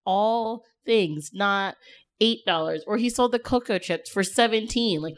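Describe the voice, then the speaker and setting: A woman's voice: mid-range voice, a little slow. A woman co-hosting a casual podcast, chatty and rambling, laughing often. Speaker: podcast co-host. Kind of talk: casual chat.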